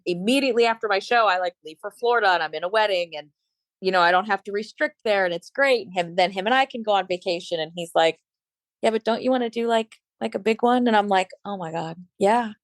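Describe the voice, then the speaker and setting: A fast-talking woman in her late thirties or forties, a bodybuilder and fitness coach, chats casually on a podcast in an ordinary mid-range pitch. She tells stories and acts out both sides of each quoted conversation, recorded dry and close with no room echo.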